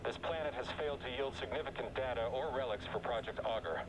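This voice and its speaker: An actor playing a formal male imperial officer who delivers a measured official report in video game dialogue, over loud game music. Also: medium pitch, background noise, natural voice.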